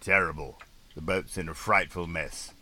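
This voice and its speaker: A man's voice: low-pitched, steady tone, normal speed, sharp tone, no room sound, exaggerated voice. A man doing a put-upon posh sailor. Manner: mock-aristocratic complaining.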